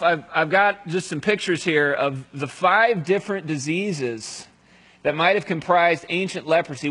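A man preaching in a relaxed, conversational way, his voice sitting a little high for a man. He tells the story as if picturing it aloud, and his voice falls quiet at the solemn parts. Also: rough recording. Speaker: pastor. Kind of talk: sermon.

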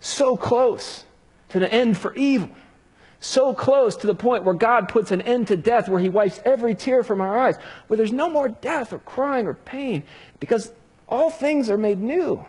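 Husky-voiced preacher man delivering a sermon. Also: very high voice, animated. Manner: dramatic preaching with hushed pauses and rising emphasis. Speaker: pastor.

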